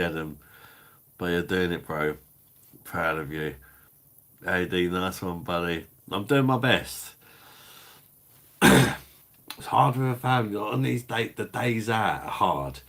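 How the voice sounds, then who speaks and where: A deep-voiced man with a Cockney-Kentish accent, chatting to his live audience at an easy, slow pace. He swears freely and chuckles along as he talks. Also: vocal fry, a bit bright. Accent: Cockney-Kentish English. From London. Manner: laid-back, sweary, chuckling banter. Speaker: livestream host reading chat. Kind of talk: casual live chat.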